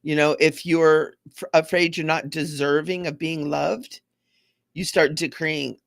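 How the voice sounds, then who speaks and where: A woman's voice: low voice, moderate pace, creaky, dry recording, studio quality. A woman hosting a live spiritual card reading, chatty and affirming, repeating mantras to her viewers. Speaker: intuitive card reader.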